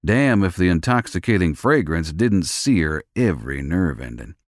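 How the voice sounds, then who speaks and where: A man's voice: deep voice, big pitch swings, normal speed, dry recording, clean studio sound. A man reading a first-person romance audiobook with a gritty, tough-guy delivery. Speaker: audiobook narrator.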